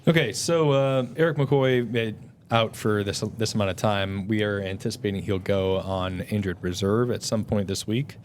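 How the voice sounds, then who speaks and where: Halting man hosting a sports podcast. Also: on the low side, slight background noise. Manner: halting, many restarts and fillers. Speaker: podcast host. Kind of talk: casual sports podcast chat.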